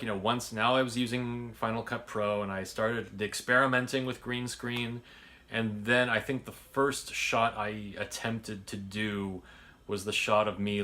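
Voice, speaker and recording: A filmmaker tells a casual story about making his sketch, rambling with frequent restarts, fillers and offhand swearing. His voice is on the low side with a sharp tone.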